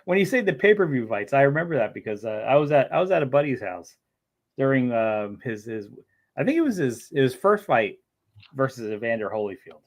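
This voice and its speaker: Dude chatting casual, jokey, laughs a lot. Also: male voice, mid-range voice, big pitch swings, fairly quick. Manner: teasing, laughs easily. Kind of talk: casual chat.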